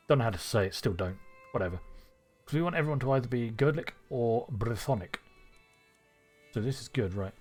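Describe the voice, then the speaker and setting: A man streaming a strategy game live, thinking aloud with excitable bursts. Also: medium pitch, brisk, long pauses, faint music behind.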